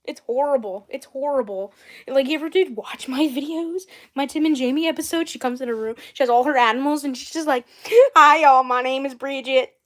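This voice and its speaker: A woman hosting a casual doll livestream, rambling and often clearing her throat. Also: sits high, brisk. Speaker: doll channel host.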